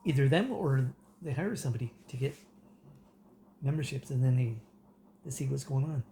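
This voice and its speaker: A man's voice: mid-range voice, moderate pace, dark tone, a little hiss or hum. A man from Canada ranting in a casual, rambling way, full of fillers and restarts and breaking into laughter. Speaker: political commentator. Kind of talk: casual rant to camera.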